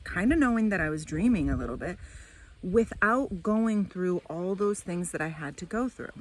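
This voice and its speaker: Candid woman vlogger, lively voice. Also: on the low side, moderate pace, poor audio. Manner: candid, rambling, tearful at times. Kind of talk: casual personal storytelling.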